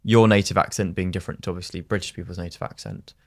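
Deep-voiced young guy hosting a podcast, hesitant, lots of ums. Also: steady tone, quick pace. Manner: thoughtful, hesitant with fillers. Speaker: podcast host. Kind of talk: casual interview.

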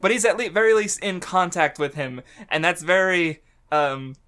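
An excitable man talks casually on a podcast, laughing a lot and swearing freely. His voice sits a little high and rings bright and forceful. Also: normal speed, smooth. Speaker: podcast co-host. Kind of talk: casual chat.

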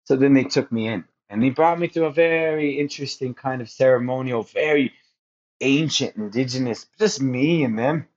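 A man's voice: mid-range voice, normal speed, a little mellow. A man speaking as a podcast guest, telling a personal story in an earnest, rambling way with frequent restarts. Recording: dull lo-fi sound.

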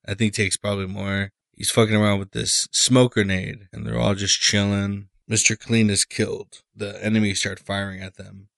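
A man with a low voice talks through a film on a podcast, loose and profane, full of "like" and "you know." The sound is dry and close, with almost no room around him. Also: level tone, normal speed, vocal fry, few pauses, fairly bright tone, dry recording. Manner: loose and profane, retelling scenes with lots of fillers. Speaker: podcast co-host. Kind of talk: casual movie discussion.

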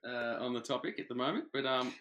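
A man's voice: medium pitch, fast talker. A man with an Australian accent, a podcast guest cracking dry jokes. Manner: dry joking, lively. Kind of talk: casual podcast chat.

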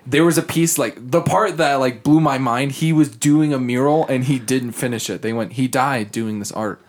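A man's voice: mid-range voice, moderate pace. A young man chatting casually on a podcast, telling a story with lots of swearing and acted-out quotes. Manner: animated, profane, acts out quotes. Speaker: podcast host.

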